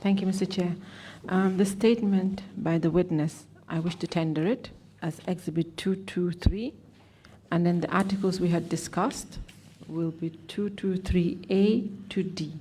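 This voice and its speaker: A woman counsel making a crisp, businesslike submission at a hearing. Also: on the low side, fairly even intonation, moderate pace, mellow. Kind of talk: formal legal submission. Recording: faint room noise, off mic.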